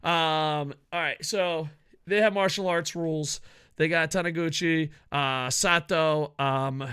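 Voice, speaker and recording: A man reviewing a wrestling event in a casual, profane rant, joking at his own expense and often breaking into yells. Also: a little high, clean tone. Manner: profane, ranting, bursts into yelling; jokey, laughs at own rants.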